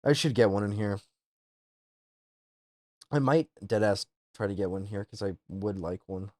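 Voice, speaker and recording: A young man streaming live, chatting casually with viewers and reacting to things with loud, incredulous, profane outbursts. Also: on the low side, measured pace, no echo, studio quality. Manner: incredulous, swearing, exaggerated reactions.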